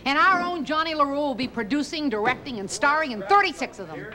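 A woman's voice: sits high, lively intonation, fast talker, crowd noise. A woman in a comedy sketch who talks in a brash, bossy way. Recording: TV audio with loud studio audience.

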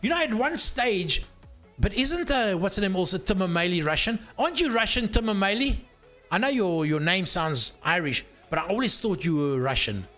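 Guy on a livestream, high voice all over the place, swears a lot, faint music behind. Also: expressive, normal speed, bright, forceful tone. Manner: loose, swearing, teasing chatter while tinkering with hardware. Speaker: live streamer. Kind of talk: casual live-stream chat.

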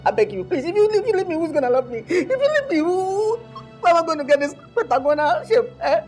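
A Nigerian actor playing a broke, lovesick young boyfriend who begs and pleads melodramatically in a comic film. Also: male voice, high-pitched, animated, normal speed, faint music behind. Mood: pleading.

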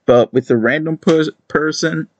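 A man's voice: a little high, unhurried, dry recording, highs cut off. A man giving casual reaction commentary, rambling and hesitant with many fillers. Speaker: video reactor.

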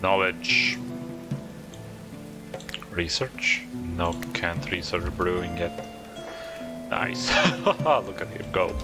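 Speaking extremely slowly with long pauses, a man with a deep, expressive voice commentates his gameplay casually, coaxing and ribbing the characters on screen. Game music runs in the background.

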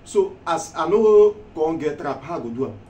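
A man's voice: on the high side, expressive, normal speed, darkish tone, lightly acted. A man with a Nigerian accent playing a broke man who stammers as he pleads with a friend. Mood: pleading. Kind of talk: comedy skit acting. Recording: echoey room, far-off mic, background noise.

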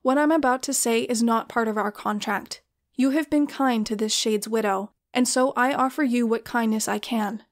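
Woman reader as stately supernatural broker, formal, measured, steady. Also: fairly high pitch, natural voice. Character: calm supernatural female broker of lifetimes.

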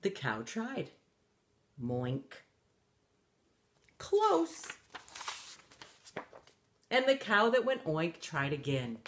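A woman reading a picture book aloud to children, animated and stopping to ask her young listeners questions. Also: lowish voice, unhurried, few pauses, slight background noise. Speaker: children's story reader.

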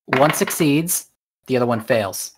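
Unhurried male game master narrating. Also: mid-range voice, lively intonation, slightly rough. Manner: unhurried, halting narration with fillers.

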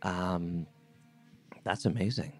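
A man hosting a podcast interview, chatty and animated. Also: deep voice, slow. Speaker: podcast host. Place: Brooklyn brownstone.

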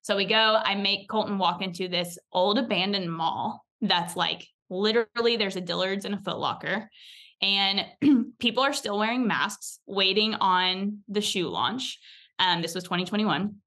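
Young woman rambling through a story, lots of "like", bright edgy voice. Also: medium pitch, unhurried. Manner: chatty, fills talk with "like", acts out quoted voices. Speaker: podcast guest. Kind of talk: casual storytelling.

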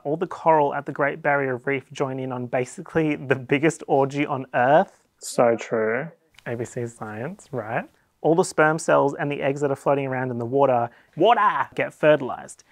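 A man's voice: medium pitch, normal speed, dry recording. An Australian man hosting a comedic explainer video, talking in a playful, wry and sarcastic way. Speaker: YouTube host.

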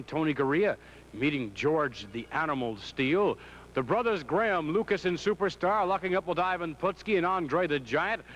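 A man, a wrestling announcer and interviewer, reading out matches in a measured, formal broadcaster delivery. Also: a little high, a bit bright, slight background noise, poor audio.

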